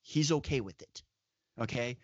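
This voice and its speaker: A man's voice: mid-range voice, normal speed, dry recording. Man, podcast co-host, opinionated, dry and dull lo-fi sound. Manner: opinionated, emphatic asides. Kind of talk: casual chat.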